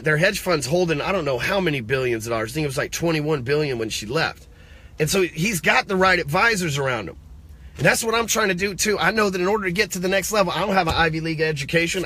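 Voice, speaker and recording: Brief: forceful male business coach, slightly high voice, blunt and profane, motivational rant. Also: husky. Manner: blunt and profane, talks straight to the viewer; asks rhetorical questions. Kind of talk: casual motivational rant to camera.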